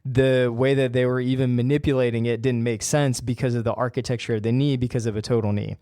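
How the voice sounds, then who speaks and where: A man's voice: medium pitch, little pitch movement, quick pace, mellow, clean tone, no echo, clean studio sound. A man hosting a podcast, talking in an emphatic, fired-up, plain-spoken way. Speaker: podcast host and ACL rehab coach. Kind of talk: casual solo podcast talk.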